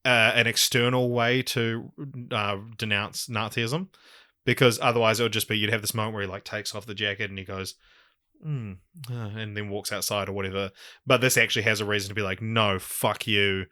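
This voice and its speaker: A man's voice: on the low side, level tone, fast, pushed and bright, no room sound, clean studio sound. A man with a New Zealand accent hosting a podcast in casual chat, rambling with lots of fillers and frequent swearing. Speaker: podcast host.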